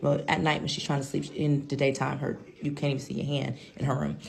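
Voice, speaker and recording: Gravelly chatty woman telling a story. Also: extremely low pitch, level tone, fast talker, darkish tone. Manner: chatty, slangy, addresses viewers as girl and child. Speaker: vlogger. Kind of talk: casual storytelling to viewers.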